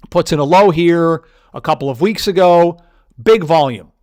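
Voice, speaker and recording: A man's voice: fairly high pitch, moderate pace, darkish tone. A man teaching stock market technical analysis, walking through charts and piling up vivid words for emphasis. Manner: emphatic, piles up vivid synonyms. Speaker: market educator. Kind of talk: chart walkthrough lesson.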